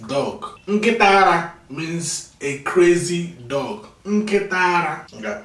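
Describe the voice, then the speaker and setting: A tired man teaching vocabulary in a casual video lesson, repeating each word slowly for pronunciation and chatting between drills. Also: on the high side, lively intonation, distant mic. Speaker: language teacher. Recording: echoey room, mic set back.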